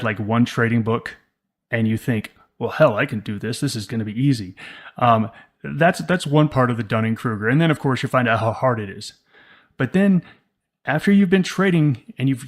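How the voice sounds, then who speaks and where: A man with a mid-range voice co-hosts a relaxed podcast conversation. He makes his points emphatically and slips into playful quoted inner voices to illustrate them. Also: mid-range voice. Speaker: podcast co-host.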